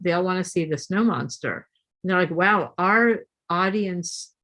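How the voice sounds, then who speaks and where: Storytelling woman quizzing her audience. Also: fairly low pitch. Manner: lively, asks the audience questions. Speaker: guest speaker, professor.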